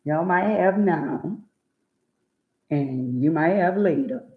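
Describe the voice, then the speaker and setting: A woman's voice: deep voice, lively intonation, slow pace. A woman hosting a live stream, bluntly and profanely lecturing her viewers and repeating words for emphasis. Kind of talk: preachy live-stream rant. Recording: echoey room, dull lo-fi sound.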